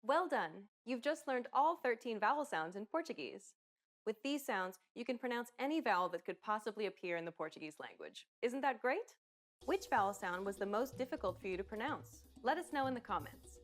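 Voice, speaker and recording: Lively high-voiced woman narrating a lesson. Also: brisk. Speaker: pronunciation instructor.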